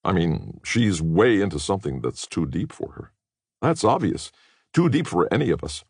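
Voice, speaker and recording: An uneasy, cautious man speaks frankly and with distaste, read by a man in close to his own voice. The tone is very low and gravelly, with a husky, dry sound. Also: big pitch swings, moderate pace, a little mellow, dry recording, heavily acted. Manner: worried, frank.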